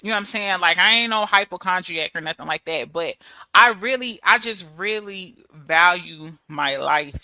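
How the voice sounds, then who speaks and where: A woman in her thirties chatting casually to her viewers, telling stories in a lively, animated way. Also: on the low side, moderate pace, vocal fry, no room sound. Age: 30s. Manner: chatty, storytelling, animated with laughs and quoted voices. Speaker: channel host. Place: abroad in Germany.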